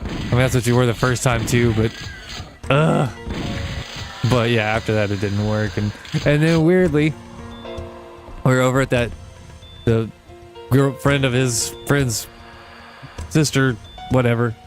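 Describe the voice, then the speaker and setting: A young man hosting a gaming channel, telling long rambling stories and swearing casually while he plays, with quick jumps in pitch when he imitates people. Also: soft background music. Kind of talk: casual let's-play chat while gaming.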